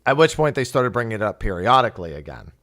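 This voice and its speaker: Lively man hosting a chat show. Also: fairly low pitch, quick pace. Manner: animated, laughs often. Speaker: podcast host. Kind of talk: casual chat.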